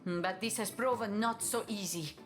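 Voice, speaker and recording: A woman's voice: medium pitch, moderate pace, soft background music, natural voice. An actress voicing a middle-aged grieving mother in a video game, with an Italian accent and broken English full of "how you say" asides. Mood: grim. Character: middle-aged mother, a grieving, fiercely loyal source hunter.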